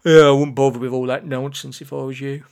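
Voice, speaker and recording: A woman's voice: low voice, moderate pace, natural voice. A woman voicing a sly, sneering pair of male talking underpants in a comic audiobook, speaking casually.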